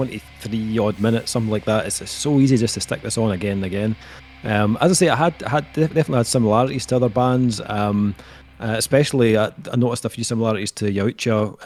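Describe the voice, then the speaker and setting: A man hosting a casual album review podcast, talking in a measured way with many ums and uhs. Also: medium pitch, a little mellow. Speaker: podcast host.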